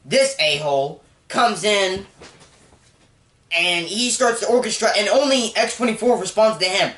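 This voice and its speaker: Reviewer channel host, chatty recap with lots of filler, mid-pitched voice in an echoey room. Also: animated, measured pace, a bit bright. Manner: rambling, heavy use of "like", emotional about the story. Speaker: movie reviewer. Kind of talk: casual spoken film recap.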